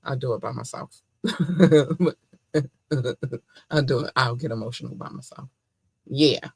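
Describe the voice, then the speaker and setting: A woman's voice: rumbling low, fairly even intonation, a little slow, creaky, fairly bright tone, breathy edge, dry recording. A woman hosting her podcast in a casual monologue, effusive and playful, often laughing. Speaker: podcast host.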